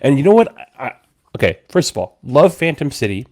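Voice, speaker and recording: Tipsy and slurring, a thirty-something podcast host rambles through a casual chat, restarting his sentences. He speaks fairly quickly at a medium pitch, a little mellow, with big swings in pitch.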